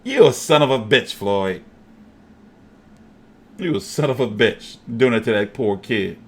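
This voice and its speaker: A man hosting a casual boxing show, talking in an animated, profane, jokey way. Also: medium pitch, a little slow.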